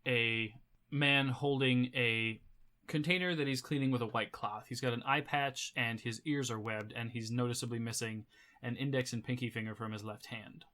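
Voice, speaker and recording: A man narrating as game master, casual and halting as he describes scenes. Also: mid-range voice, steady tone, bright, forceful tone.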